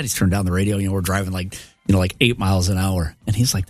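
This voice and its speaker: A middle-aged married man telling long anecdotes in casual podcast chat. His voice settles low and even through a story and warms into laughter at the punchline, with faint music behind. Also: rapid-fire, no echo.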